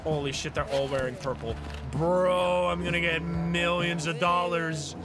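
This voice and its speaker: A man streaming a video game live, commenting casually, swearing and getting excited, with game music playing behind. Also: unhurried. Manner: excitable, swears, jumps high when excited.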